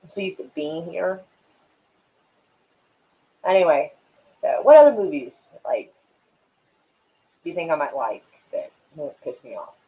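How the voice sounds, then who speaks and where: Man, live-stream chat, rambling, profane, fairly high voice, tinny phone-like line. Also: sing-song, measured pace, creaky, long pauses. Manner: rambling and profane, many fillers; smoking while talking.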